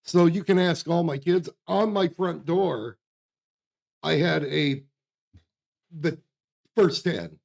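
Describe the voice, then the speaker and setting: A man's voice: fairly high pitch, slow pace, vocal fry, pauses often, a little mellow. A man co-hosting a casual podcast chat, talking in a blunt, folksy, emphatic way. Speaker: podcast co-host.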